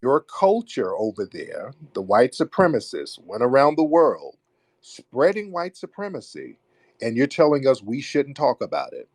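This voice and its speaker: A man hosting a live call-in debate, forceful and insistent, repeating his points and cutting callers off. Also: mid-range voice, wildly swooping pitch, measured pace, dry recording. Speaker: host of a live call-in audio show.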